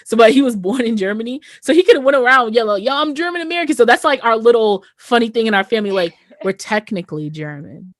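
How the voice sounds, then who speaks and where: A woman's voice: fairly high pitch, fast talker, hardly any pauses, no room sound, clean studio sound. A woman chatting on a podcast, telling stories animatedly and acting out what other people said. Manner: animated storyteller who acts out what others said. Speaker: podcast guest or host. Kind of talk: casual podcast chat. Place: Massachusetts.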